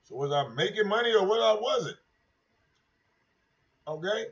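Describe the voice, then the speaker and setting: A man's voice: high-pitched, expressive, unhurried. A man hosting a casual livestream, talking in a brash, profane, mocking way and repeating himself. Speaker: livestream host. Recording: dull lo-fi stream audio.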